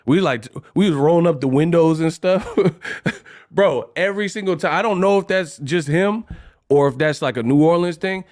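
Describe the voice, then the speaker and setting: A man hosting a boxing livestream, chatting casually with playful shout-outs and stories. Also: a little high, normal speed.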